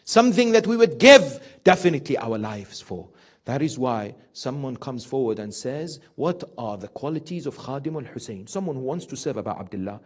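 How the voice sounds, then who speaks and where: A man preaching a religious sermon in an emphatic, rhythmic way, counting off numbered points and tossing in an affirming "yes", swinging from loud peaks to hushed lows. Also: expressive, a little fast.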